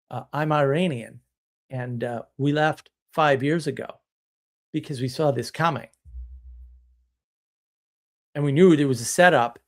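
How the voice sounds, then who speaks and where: Hosting a live stream, this man with a rather high voice speaks bluntly and with emphasis. As he tells stories, he sometimes mimics the people involved.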